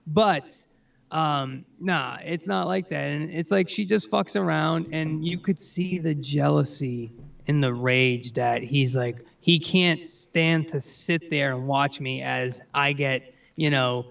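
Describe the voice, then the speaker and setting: A man's voice: on the high side, creaky, a bit bright. A man hosting a casual call-in stream, ranting and mocking with lots of swearing, recorded on a distant, dull-sounding mic. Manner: profane, ranting, quick to mock.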